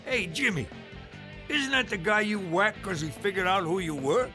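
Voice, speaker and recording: An actor playing a coarse, boastful, much-divorced male uncle in an animated sitcom. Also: high-pitched, normal speed, music in the background. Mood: crude. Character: crude, many-times-divorced older male uncle.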